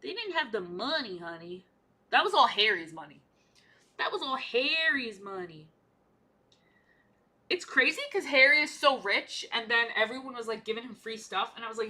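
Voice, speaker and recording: A woman's voice: medium pitch, expressive, brisk, sharp tone. A young woman chatting casually while painting miniatures, repeating her own lines as she talks. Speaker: art vlogger.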